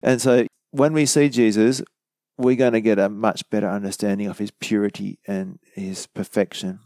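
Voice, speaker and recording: A man's voice: on the low side, steady tone, moderate pace, a little mellow, no echo. A man giving a conversational bible study sermon, explaining verse by verse with casual asides. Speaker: bible teacher.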